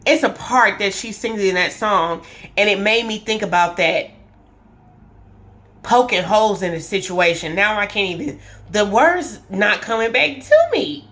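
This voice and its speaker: A woman's voice: medium pitch, expressive, unhurried, a bit bright. A woman giving a casual tarot reading to camera, emphatic and repetitive, restating her points as she thinks aloud. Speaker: tarot reader.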